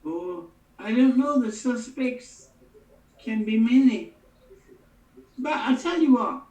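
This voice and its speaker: A man playing an adventurer in a tabletop role-play, confident and smooth-talking. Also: extremely high pitch, expressive, takes it slowly, darkish tone, reverberant, dull audio. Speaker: player.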